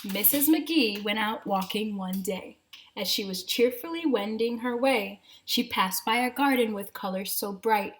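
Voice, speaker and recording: A woman teacher reading a rhyming picture book aloud to children from home, pausing for gentle asides to her listeners. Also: medium pitch, a little hiss or hum, low-quality recording.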